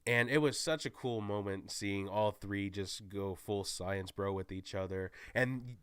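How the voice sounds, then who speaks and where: A man giving a casual, excited spoiler recap as a movie reviewer, rambling and correcting himself as he goes. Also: on the low side, a little slow, clean tone, no echo, clean studio sound.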